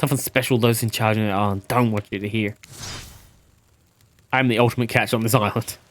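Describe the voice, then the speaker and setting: A man voicing a cocky male killer from a dating game, boasting in a low, slow swagger. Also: steady tone, fairly bright tone, slight background noise, lightly acted. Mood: smug.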